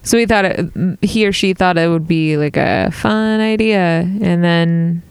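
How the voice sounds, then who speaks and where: Deadpan woman with a smooth voice. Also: lowish voice, a little slow, no room sound. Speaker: podcast co-host. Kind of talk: casual chat.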